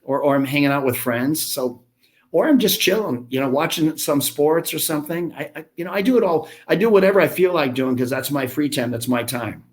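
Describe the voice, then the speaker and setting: A man's voice: on the high side, lively intonation, a little fast. A man in his fifties, a business founder telling blunt, chatty, self-mocking stories as a podcast guest. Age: 50s. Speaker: gym franchise founder, guest. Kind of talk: casual podcast interview.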